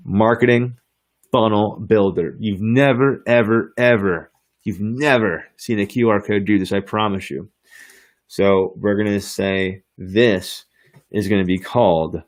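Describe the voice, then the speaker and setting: A man hosting a podcast and walking through a software demo on screen, with hyped, slangy salesman patter and frequent laughs. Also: fairly low pitch, normal speed. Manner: laughs often. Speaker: podcast host.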